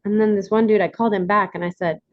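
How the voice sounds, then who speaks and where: A woman's voice: mid-range voice, steady tone, fast talker, no room sound. Candid woman on a muffled video call. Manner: candid, rambling, with many fillers and restarts. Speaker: workshop leader. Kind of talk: emotional personal sharing in an online workshop.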